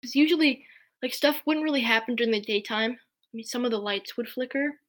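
Chatty woman with a higher voice. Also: fairly quick, fairly bright tone. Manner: chatty, with many fillers. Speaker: podcast guest. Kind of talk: casual spoken storytelling.

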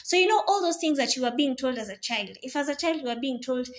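A young woman, chatting casually on a solo podcast. She talks in an animated way, slips in Swahili words and acts out little voices. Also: high voice, moderate pace. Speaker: podcast host.

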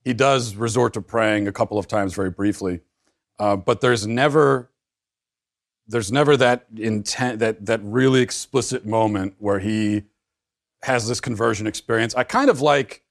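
Thoughtful low-voiced man discussing a book. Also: normal speed, creaky. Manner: thoughtful, repeats words as he builds his point. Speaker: guest.

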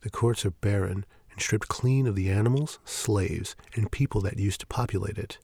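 A man reading a horror story aloud in a steady, measured way, with a gravelly voice. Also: on the low side, dry recording. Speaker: narrator.

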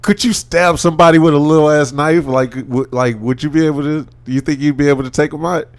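A man co-hosting a casual podcast chat, retelling scenes in an animated, slangy way with lots of laughter. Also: fairly high pitch, fast. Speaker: podcast co-host.

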